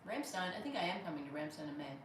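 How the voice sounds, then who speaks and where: Very animated and very fast, her low voice carries a chatty, rambling livestream as this Pittsburgh comedian reads viewer comments aloud and keeps restarting. She's recorded from a distance in a very echoey room, with a faint hum running underneath.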